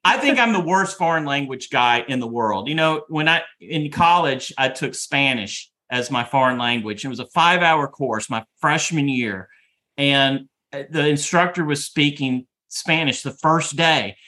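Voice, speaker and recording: A man's voice: mid-range voice, moderate pace, sharp tone. A middle-aged man co-hosting a podcast, chatting casually and repeating himself as he talks. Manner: rambling, repeats words while talking. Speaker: podcast co-host. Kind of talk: casual chat.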